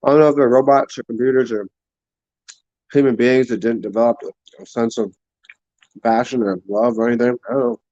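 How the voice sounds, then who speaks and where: A man's voice: medium pitch, steady tone, fairly quick, pauses often, darkish tone, lo-fi sound. A man chatting casually on a livestream, rambling and laughing while he eats and drinks. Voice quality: rambling, laughs often, talks with mouth full. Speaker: livestream host.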